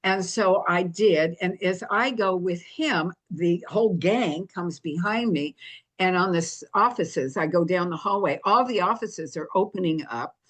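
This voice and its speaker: Older lady w a lowish voice, chatty storyteller in an interview. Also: a little slow. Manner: lively anecdotal storytelling, vivid retelling. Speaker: guest.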